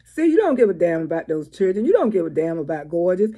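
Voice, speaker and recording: A woman's voice: fairly low pitch, sing-song, quick pace, dark tone, husky. A woman giving blunt, profane, scolding commentary in a vlog. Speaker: vlogger.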